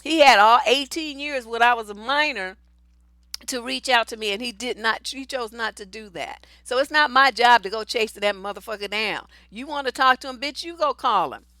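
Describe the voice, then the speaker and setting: A woman's voice: fairly high pitch, moderate pace, pushed and bright, no room sound. A woman hosting a relationship advice livestream, giving blunt, profane, emphatic answers. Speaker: relationship coach and host.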